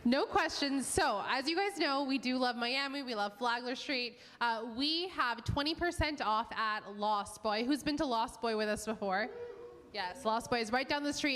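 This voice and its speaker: An upbeat woman hosts a live meetup, talking in a chatty way to the crowd. Her voice sits a bit high, and the long reverb of a hall trails each phrase. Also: fairly bright tone. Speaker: event host. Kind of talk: live event hosting. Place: event space with an audience.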